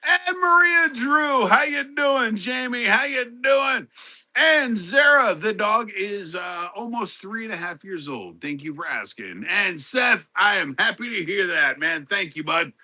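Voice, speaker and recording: A middle-aged man with a high, very bright voice hosts a relaxed live stream. He talks at an unhurried pace, greets his viewers one by one and answers their chat questions. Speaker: livestream host.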